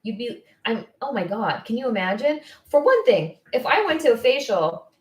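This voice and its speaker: A woman coaching estheticians on business in casual live-stream talk, blunt, candid and quick to get fired up. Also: fairly high pitch, very animated, echoey room. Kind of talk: casual live-stream advice, answering viewer comments.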